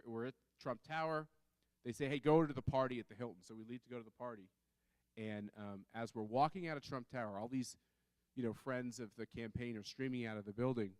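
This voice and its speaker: A man's voice: medium pitch, dry recording. Chatty man telling a story on a panel. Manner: chatty, many fillers and restarts. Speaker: panel speaker.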